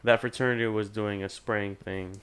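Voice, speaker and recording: A young man telling a long, animated story in casual podcast chat, swearing freely and acting out other people's voices. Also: fairly low pitch, moderate pace, clean tone. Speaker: podcast guest.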